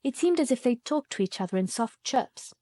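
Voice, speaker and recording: A woman's voice: a little high, expressive, a little fast, warm tone, dry recording, clean studio sound, voice pushed up. Woman reading as a blunt stubborn girl. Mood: earnest. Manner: blunt, obstinate. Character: stubborn contrary young girl. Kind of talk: audiobook character reading.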